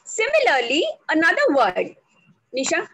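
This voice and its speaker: A woman teaching on a video call, slow and deliberate, spelling out words letter by letter. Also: high-pitched, wildly swooping pitch, a bit bright, no room sound, poor audio. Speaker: English language trainer. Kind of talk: online speaking workshop.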